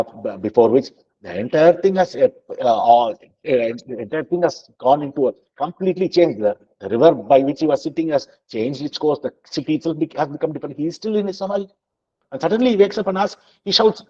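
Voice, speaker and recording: A man teaching a scripture lesson, explaining slowly with many fillers and chanting verses. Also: mid-range voice, warm tone, slightly rough, muffled recording. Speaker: spiritual teacher.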